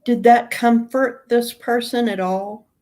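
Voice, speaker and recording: A woman hosting a casual chat, calm and unhurried, with short replies. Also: fairly high pitch. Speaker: host.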